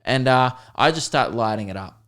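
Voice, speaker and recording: Young male podcast host, middle-pitched voice, animated, sweary, self-mocking comic storytelling. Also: moderate pace.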